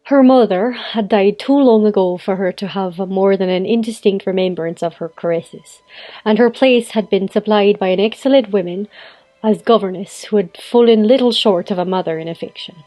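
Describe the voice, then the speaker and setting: A woman's voice: medium pitch, normal speed, mellow, natural voice. A young woman reading a classic novel aloud in a put-on Irish accent, evenly, like a storybook reading.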